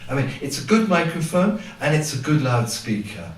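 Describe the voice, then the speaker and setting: Speaking through a microphone held about ten centimeters away and fed into loudspeakers, a man gives a seminar to a live audience in a large hall. His voice is naturally quiet, fairly high and sing-song at a normal speed, and he performs his anecdotes with sound effects. The hall is very echoey, and the recording is taken far from the camera.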